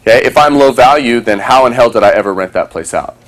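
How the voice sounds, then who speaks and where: A man's voice: medium pitch, fast talker. A man talking casually to a small group, telling a story and acting out other people's voices, swearing freely.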